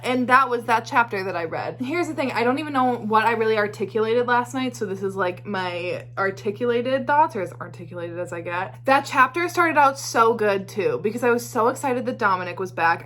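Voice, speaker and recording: A woman's voice: fairly high pitch, a bit bright. A young woman chatting casually in a reading vlog, emotional and rambling, swearing and laughing between thoughts. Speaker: book vlogger.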